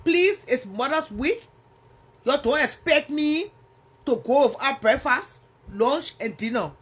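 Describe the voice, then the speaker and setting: A woman's voice: sits high, animated, takes it slowly. A woman with a Liberian English accent hosting a casual livestream, chatting and teasing viewers as she answers their comments. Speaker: livestream host.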